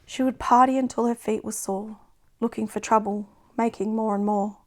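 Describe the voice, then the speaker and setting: A woman reading her own poems aloud in a slow, subdued, even way. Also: fairly high pitch. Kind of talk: poetry reading.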